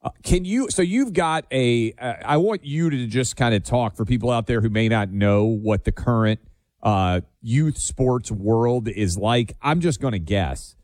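A man's voice: mid-range voice, expressive, a little slow, darkish tone, dry recording. A man hosting a political talk show, asking emphatic, incredulous, leading questions. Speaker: host.

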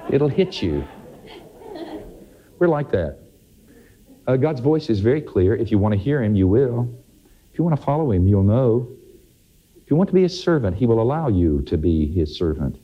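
A man preaching a sermon to his congregation, emphatic, with his voice jumping sharply in pitch. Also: muffled recording, slight background noise. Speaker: pastor.

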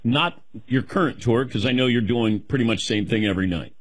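A man's voice: medium pitch, fairly quick, no echo. A man hosting a casual interview, asking playful questions and laughing easily. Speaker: interview host.

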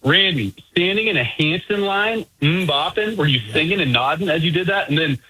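A man calling in to a sports radio show, riffing playfully with quick jokes. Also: on the high side, lively intonation, pushed and bright, a little hiss or hum, rough recording. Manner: playful, quick joking riffs. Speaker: caller. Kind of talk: call-in radio chat.

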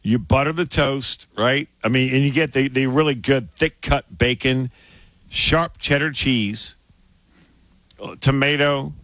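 A man co-hosting a sports radio show, talking in a casual, excitable way and repeating himself when he gets worked up. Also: medium pitch, measured pace, no echo. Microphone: studio microphone.

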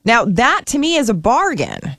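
A woman co-hosting a radio talk show, playful and quick to laugh. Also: fairly high pitch, wildly swooping pitch, a bit bright, no room sound, clean studio sound. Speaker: radio show co-host and producer.

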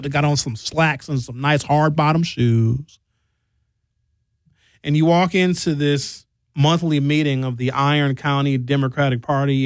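A man from Wisconsin hosts a solo talk show, trading jokes and asides in animated storytelling. His voice sits fairly high. The sound is dry and close, with no room around it. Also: no room sound. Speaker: host. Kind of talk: solo commentary.

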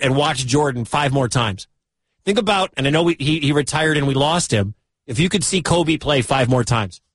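A man hosting sports talk radio, excitable and given to loud bursts of enthusiasm. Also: medium pitch, husky, no echo.

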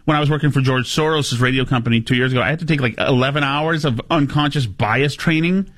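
A man hosting a talk radio show, delivering sardonic, digressive commentary with filler pauses. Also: medium pitch, a bit bright.

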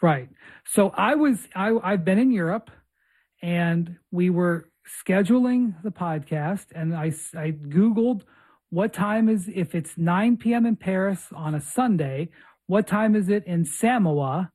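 A man's voice: high voice, unhurried, darkish tone. Rambling storytelling podcast host, man. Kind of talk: casual podcast chat. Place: remote location abroad.

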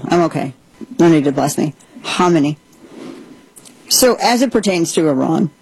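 A woman's voice: on the low side, darkish tone, husky, no room sound, poor audio. A woman hosting a political talk show, giving sarcastic, rambling commentary with frequent restarts.

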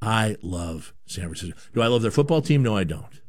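A man's voice: fairly low pitch, expressive, a little fast, darkish tone. A man born in Canada hosting a sports talk show, giving a rambling, opinionated monologue with lots of repeated words.

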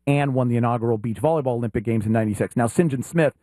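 A man's voice: medium pitch, rapid-fire, mellow, no echo. A man co-hosting a sports talk show, telling stories with enthusiasm in casual chat. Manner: enthusiastic storyteller.

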